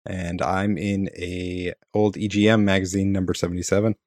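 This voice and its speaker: A man's voice: low voice, level tone, moderate pace, darkish tone, dry recording, studio quality. A man with a Minnesotan accent co-hosting a casual podcast, reading an old letter aloud, laughing and stumbling over words. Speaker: podcast co-host.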